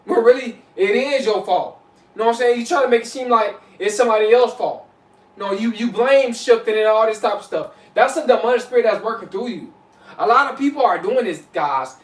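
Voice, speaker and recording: A man's voice: high voice, fairly quick, far from the mic. A man vlogging casually to camera, preaching advice in a repetitive, loose way and often asking "you know what I'm saying". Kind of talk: casual motivational talk to camera. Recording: echoey room, voice off-mic.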